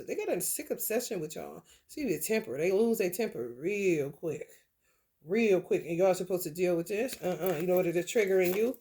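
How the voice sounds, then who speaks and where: A woman's voice: lowish voice, darkish tone. A woman giving a casual tarot reading who talks bluntly and profanely, repeats her phrases and laughs often. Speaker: tarot reader.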